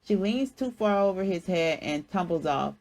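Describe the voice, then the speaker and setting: A woman artist reading a chapter of her own story aloud in a plain, even way, with small restarts. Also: lowish voice, moderate pace, rough recording.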